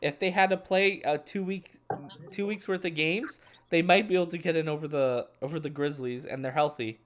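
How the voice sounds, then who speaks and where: A man's voice: on the high side, steady tone, brisk, fairly bright tone. A young man co-hosting a casual sports chat, rambling and restarting his thoughts mid-sentence. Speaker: podcast co-host.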